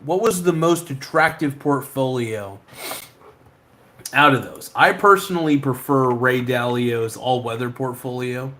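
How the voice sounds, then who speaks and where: A man's voice: medium pitch, unhurried, pushed and bright. A man hosting a podcast, chatting casually and reading viewer comments in a rambling, laid-back way with frequent swearing. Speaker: podcast host.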